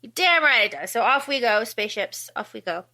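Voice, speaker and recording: A woman's voice: a little high, fairly quick. A woman co-hosting a podcast, animatedly recapping a film in casual chat and acting out quotes. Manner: animated, acts out quotes in funny voices. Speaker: podcast co-host.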